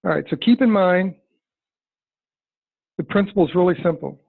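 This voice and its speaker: Gravelly man teaching over a phone line. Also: high voice, normal speed. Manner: folksy, emphatic, acts out client dialogue. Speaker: sales trainer. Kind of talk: webinar training talk. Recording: dry tinny phone-like line.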